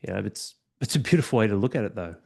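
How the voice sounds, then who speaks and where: A man in his 40s hosts a conversational podcast interview, speaking in a low, gravelly, expressive voice at a racing pace. He enthusiastically encourages his guest.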